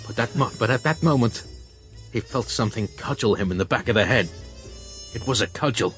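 A man co-hosting a podcast, narrating a comic story in a mock-serious, deadpan way. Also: mid-range voice, fairly quick, over music. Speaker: podcast co-host.

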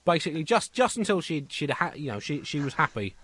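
A man's voice: fairly high pitch, very animated, quick pace, a bit bright, breathy edge. A man co-hosting a comedy show, rambling and sardonic in satirical chat. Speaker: comedy co-host.

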